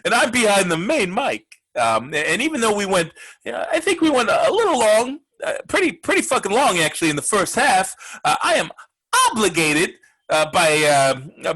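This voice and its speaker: Loudmouth sports radio guy, swears a lot, rambles with lots of uhs, husky voice that bounces up and down. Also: high voice, low-quality recording. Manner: brash, profane, filler-heavy rambling. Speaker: sports talk show host. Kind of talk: comedic sports radio talk.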